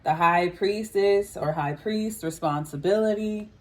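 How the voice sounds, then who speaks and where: A woman's voice: medium pitch, unhurried. A woman giving a casual tarot reading to her viewers, musing aloud and often saying "I feel like". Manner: chatty, musing, frequent "I feel like". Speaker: tarot reader. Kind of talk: casual psychic reading to camera.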